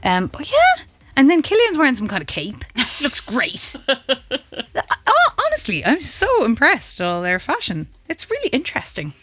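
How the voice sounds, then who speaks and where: A woman's voice: high voice, huge pitch swings, moderate pace, fairly bright tone. An Irish woman radio host chatting casually on air and reading the traffic, laughing often.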